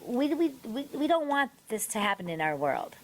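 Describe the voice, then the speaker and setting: A woman hosting a podcast, telling stories in a lively way and acting out the people she quotes. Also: on the high side, normal speed, rough recording. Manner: animated storytelling, acts out quoted people. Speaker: podcast host. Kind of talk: casual podcast chat.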